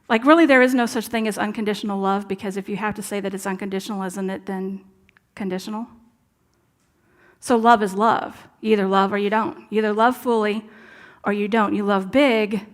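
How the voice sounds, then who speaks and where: Earnest woman preaching conversationally. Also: mid-range voice. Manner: conversational, earnest, drops to soft asides. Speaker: minister. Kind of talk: sermon. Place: church sanctuary.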